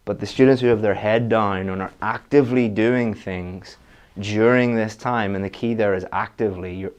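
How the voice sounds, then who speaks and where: Lower-voiced man teaching a test-prep lesson. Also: darkish tone. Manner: direct, practical advice with frequent restarts. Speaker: IELTS teacher. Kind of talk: online lesson.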